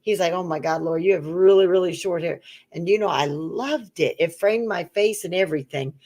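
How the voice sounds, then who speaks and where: Speaking a little fast in a lowish voice, a middle-aged woman co-hosting a casual conversation spins a lengthy personal tale. She's an animated storyteller, performing the quoted voices of each person in it.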